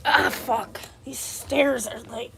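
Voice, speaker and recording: A woman's voice: on the high side, slow, gravelly, background noise. A woman livestreaming casually as a mother, rambling loosely and thinking aloud as she talks. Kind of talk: casual live-stream chat.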